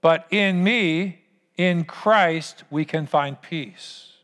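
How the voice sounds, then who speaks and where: A man's voice: a little high, drawn-out words, fairly bright tone, in a large hall. A man preaching a sermon as pastor, earnest and storytelling, asking the congregation to repeat lines after him.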